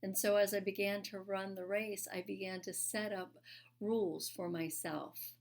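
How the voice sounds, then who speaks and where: A woman giving a sermon, telling a personal story earnestly with frequent fillers and occasional hushed, soft-spoken moments. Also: mid-range voice, level tone, normal speed, creaky. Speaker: speaker at a spiritual church.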